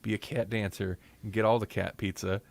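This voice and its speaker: A man's voice: on the low side, little pitch movement, fairly quick, vocal fry, very noisy. A man hosting a podcast in casual chat, rambling, correcting himself and joking. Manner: rambling, self-correcting, jokey. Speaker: podcast host.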